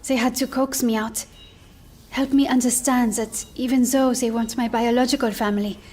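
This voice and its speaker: An actress playing a kind, shy young woman who speaks softly and hesitantly in a game cinematic. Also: a little high, fairly even intonation, moderate pace, close to an everyday voice. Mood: earnest. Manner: soft, hesitant, earnest. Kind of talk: video game cinematic acting.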